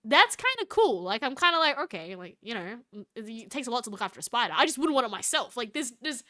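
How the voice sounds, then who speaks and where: A woman's voice: fairly high pitch, very animated, quick pace, bright, forceful tone. A young Australian woman chatting casually on a live stream, giggly and reading chat aloud. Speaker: VTuber streamer.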